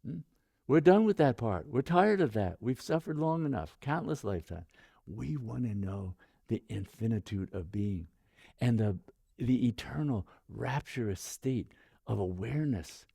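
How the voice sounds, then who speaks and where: A man with a low, gravelly voice leads a guided meditation. He speaks slowly and softly, repeating phrases like a chant. His tone is dark and mellow, and the recording is close and dry. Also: no room sound. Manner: slow, soft-spoken, repeats phrases like a chant. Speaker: meditation teacher.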